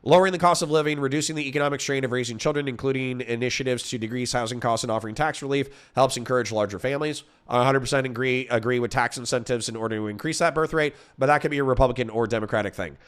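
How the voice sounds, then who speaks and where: A young man arguing bluntly and profanely in a heated online debate, reading out points and rebutting them quickly. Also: mid-range voice, smooth. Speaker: debater and streamer.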